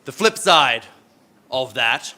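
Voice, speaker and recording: A man with an Australian accent hosts a live panel discussion with energy and self-deprecating humor. His voice is very bright and forceful, at a middle pitch for a man. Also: very animated, slow pace. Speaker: event moderator.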